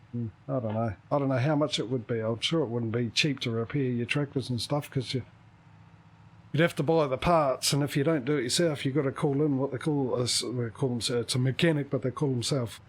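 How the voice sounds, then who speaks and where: A man hosts a game stream in a husky, slightly rough voice. He rambles on casually and thinks out loud as he plays. His pitch sits in an ordinary middle range. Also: fairly quick, low-quality recording. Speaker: streamer hosting a multiplayer game. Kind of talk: casual gaming chat.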